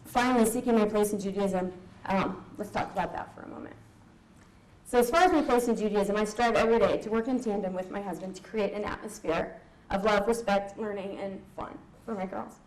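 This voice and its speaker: A woman's voice: medium pitch, brisk, a little mellow, a little hiss or hum. A young woman from Southern California giving a candid, emotional personal talk at a conference, with a laugh now and then. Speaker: conference speaker. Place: conference hall. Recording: echoey hall.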